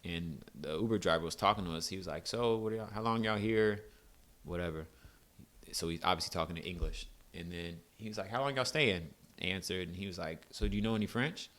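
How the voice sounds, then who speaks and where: A young American man with a very low voice chats on a podcast. He is laid-back and easygoing, and he tells his stories in a loose, conversational way. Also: a little fast, fairly bright tone. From United States. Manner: laid-back, storytelling, laughs often. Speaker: podcast co-host. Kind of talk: casual chat.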